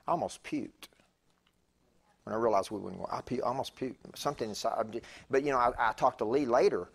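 A husky-voiced man in his fifties preaches as a guest speaker in a church. He talks in a chatty, rambling way, often restarting his sentences. His voice sits at a middle pitch. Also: a little fast. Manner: chatty, digressive, with stammered restarts. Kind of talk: conversational sermon storytelling. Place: church sanctuary.

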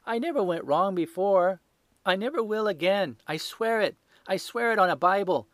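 A man voicing a terrified young male hotel thief who pleads desperately with a shrill, high voice. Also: brisk, no room sound, studio quality, lightly acted. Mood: pleading.

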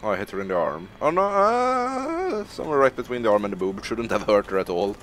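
This is a young man streaming a game, talking in rapid-fire bursts with a lowish voice against slight background noise. He rambles, mocks himself, and laughs and swears constantly as he comments live.

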